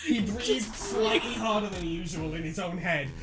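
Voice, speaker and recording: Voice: medium pitch, normal speed, over a noisy crowd. A podcast co-host chatting casually about fan writing, laughing often and acting out quoted lines.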